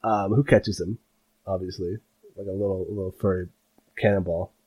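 A man's voice: deep voice, normal speed, husky. A man narrating a tabletop game as game master, rambling with lots of fillers. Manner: rambling, filler-heavy, animated.

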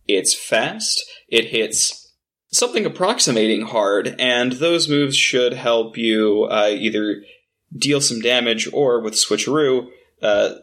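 A man appearing as a podcast guest, explaining a game team in a measured, casual way. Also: mid-range voice, fairly bright tone. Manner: measured, with fillers.

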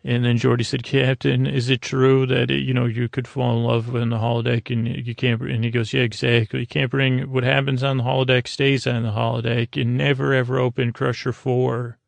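A man's voice: mid-range voice, flat delivery, fairly quick, vocal fry, hardly any pauses, no echo. A man hosting a podcast, casually recapping a TV episode and loosely paraphrasing what each character says. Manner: rambling retelling, paraphrasing characters' lines. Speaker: podcast host.

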